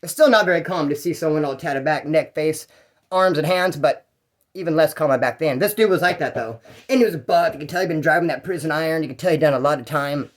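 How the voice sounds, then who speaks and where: A man's voice: fairly high pitch, quick pace. Slangy man telling rambling jail stories. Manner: rambling and slangy, with fillers and restarts. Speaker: storyteller. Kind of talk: casual first-person jail story.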